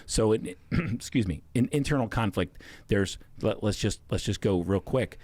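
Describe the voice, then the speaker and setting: A man's voice: fairly low pitch, normal speed, a little mellow, no echo. A man speaking as a podcast guest, earnestly explaining his ideas step by step. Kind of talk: casual chat.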